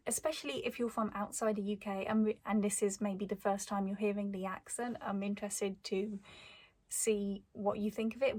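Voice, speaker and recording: A woman's voice: mid-range voice, darkish tone. A woman in her twenties from the Black Country, speaking with a mild Black Country accent in a chatty, thoughtful vlog to camera, with light laughs between points. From Black Country, England. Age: 20s. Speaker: vlogger. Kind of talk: casual talk to camera.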